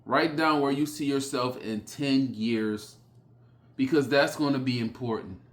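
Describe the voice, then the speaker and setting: A man giving a blunt motivational speech, repeating short phrases with sudden forceful rises. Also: medium pitch. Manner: blunt, repetitive, hammering phrases; slow, emphatic delivery with sudden loud rises. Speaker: motivational speaker.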